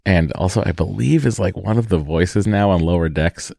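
A man's voice: deep voice, moderate pace, gravelly, mellow, no room sound, studio quality. A man hosting a podcast, telling a rambling story in casual chat and often breaking off and restarting his sentences. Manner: rambling, self-interrupting storyteller. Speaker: podcast host.

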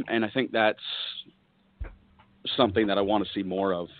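A man chatting as a guest, speaking thoughtfully and hesitantly, often clearing his throat. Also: on the low side, steady tone, moderate pace, dry recording. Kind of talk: casual chat over a call. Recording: tinny call audio, dry.

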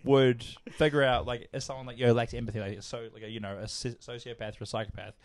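A young man co-hosting a podcast in loose, casual chat. He swears a lot, laughs easily and rambles through his stories in a mid-pitched voice. The recording is dry and close, with no room sound. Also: level tone, fast talker, no room sound. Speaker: podcast co-host.

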